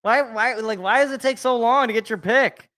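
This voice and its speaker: A man's voice: very high voice, moderate pace, pushed and bright. A young man hosting a live reaction stream, chatting casually and thinking aloud as he reacts, chuckling to himself now and then.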